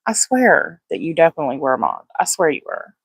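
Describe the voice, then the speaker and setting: A woman's voice: very deep voice, big pitch swings, quick pace, creaky, slightly rough, no echo. A woman hosting a casual livestream from her phone, rambling with lots of fillers and greeting viewers by name. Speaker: livestream host. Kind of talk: casual live chat.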